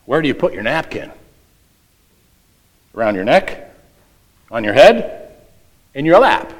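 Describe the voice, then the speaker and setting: A man's voice: medium pitch, sing-song, unhurried, low-quality recording. A middle-aged man preaching a sermon, reading a children's quiz aloud with playful voices. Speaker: pastor.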